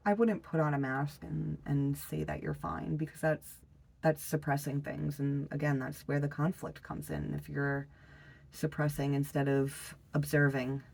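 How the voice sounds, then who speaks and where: A tarot reader giving a casual reading, unhurried and full of pauses and fillers, blunt and swearing now and then. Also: mid-range voice, little pitch movement, vocal fry, a little mellow, slightly rough. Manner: loose and unhurried, frequent fillers and trailing pauses; blunt, with the odd swear word.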